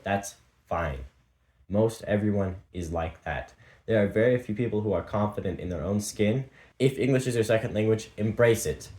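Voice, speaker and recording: A man with a fairly low voice gives quick, punchy motivational advice as a presentation coach. The recording has a roomy echo around him. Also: darkish tone. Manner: fast-talking, punchy. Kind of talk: motivational tips talk.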